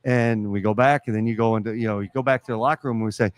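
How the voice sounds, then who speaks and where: A man who coaches college basketball, telling lively stories in a live podcast interview at a pizza restaurant. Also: fairly low pitch, rapid-fire, smooth. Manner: animated storyteller acting out quotes.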